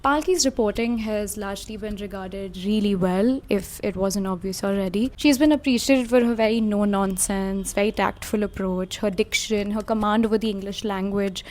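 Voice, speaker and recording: A woman's voice: medium pitch, moderate pace, few pauses, a little mellow, slight background noise. A woman from India reading a scripted video essay, reflective and lightly casual, with frequent hedging fillers. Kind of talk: scripted commentary.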